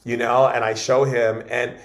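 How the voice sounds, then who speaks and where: Animated man telling stories as a guest. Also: mid-range voice, a little slow, creaky, reverberant. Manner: animated, repeats and restarts words often. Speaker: guest shaman. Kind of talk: casual interview storytelling.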